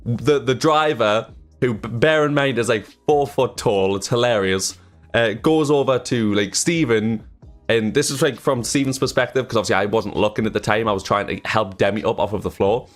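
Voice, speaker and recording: A man's voice: mid-range voice, normal speed, soft background music. A young man telling a story on his channel, rambling with lots of fillers and swearing. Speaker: YouTuber. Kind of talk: casual storytime vlog. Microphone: desk microphone.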